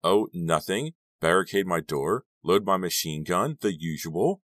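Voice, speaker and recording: A blunt, competitive teenage girl who snaps her theories and dark jokes, as a man puts her on. Her lines sit higher than his very deep voice, dry and close. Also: animated, a little slow, no room sound, heavily acted. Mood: flippant.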